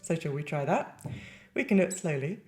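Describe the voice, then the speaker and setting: A woman's voice: deep voice, expressive, fairly quick, over loud music. A woman giving a singing lesson in a chatty, lightly playful way, with sung demonstrations. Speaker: singing teacher.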